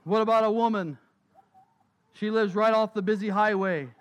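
A man's voice: high-pitched, fairly even intonation, normal speed, highs cut off. A man preaching a sermon, telling stories emphatically and repeating key phrases. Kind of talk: sermon storytelling.

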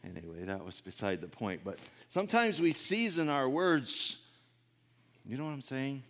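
A man preaching a sermon in a folksy, conversational way, swelling louder on his key points and often clearing his throat. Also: medium pitch, sing-song, normal speed.

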